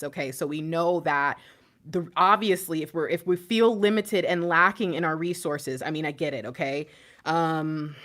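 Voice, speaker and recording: A woman giving an emotional tarot reading to her viewers, swinging between hushed whispers and loud impassioned pleading, shaking and near tears. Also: fairly low pitch. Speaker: intuitive tarot reader.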